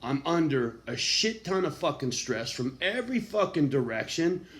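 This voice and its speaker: A man in a raw, confessional monologue, swearing constantly and swinging from quiet, low talk to loud, angry outbursts. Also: big pitch swings, normal speed. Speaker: vlogger.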